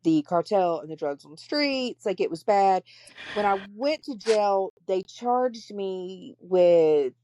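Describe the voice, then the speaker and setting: A woman's voice: mid-range voice, lively intonation, slow pace, dark tone, a little hiss or hum. A woman hosting a podcast, telling her story candidly and bluntly, with plenty of profanity. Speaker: podcast host. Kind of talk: casual storytelling chat.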